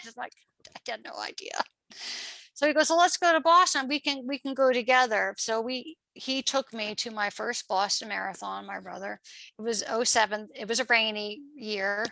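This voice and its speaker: A middle-aged woman from Pennsylvania tells her story as a guest in a chatty, lively way, slipping into the voices of people she talked with and laughing often. Her voice sits a little high, bright, with a gravelly fry. The sound is close and dry. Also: dry recording, rough recording. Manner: chatty, acts out past dialogue, laughs often. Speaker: podcast guest, marathon runner. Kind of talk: personal storytelling.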